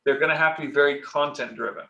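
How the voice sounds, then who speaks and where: A man's voice: on the high side, fast talker, gravelly, pushed and bright, highs cut off. A man hosting an educational commentary, talking conversationally and often checking in with a rhetorical "right?". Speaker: host. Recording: roomy, distant mic.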